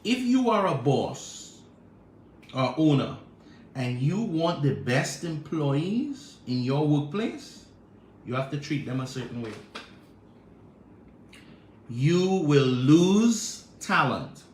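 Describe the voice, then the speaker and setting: A man's voice: on the high side, sing-song, takes it slowly, long pauses, slight background noise. A man preaching a sermon as pastor, building with repeated rhetorical questions and calling on the congregation to respond. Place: church sanctuary. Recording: echoey church room.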